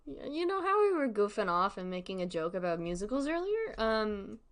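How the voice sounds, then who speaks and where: Woman streamer, mid-pitched, laughs often, rambles while reacting. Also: darkish tone. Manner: giggly, joking, rambling. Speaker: streamer reacting to a horror series. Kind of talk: casual livestream commentary.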